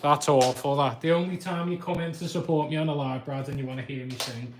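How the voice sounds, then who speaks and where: A man's voice: fairly high pitch, steady tone, quick pace, background noise. A man with a Scouse accent chatting casually on a fishkeeping live stream, laughing often and poking fun at himself. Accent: Liverpool (Scouse).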